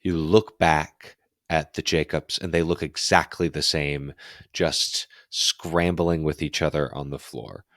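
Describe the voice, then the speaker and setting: A man narrating a tabletop horror game as game master, in slow, measured speech and with questions to the player. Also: a bass voice, fairly even intonation, fairly bright tone, no echo, clean studio sound.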